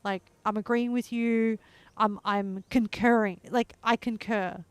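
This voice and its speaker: A woman's voice: medium pitch, fairly even intonation, a little slow, clear, resonant tone, dry recording. An Australian woman streaming a game, chatting casually and rambling as she searches for words. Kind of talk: casual chat while gaming.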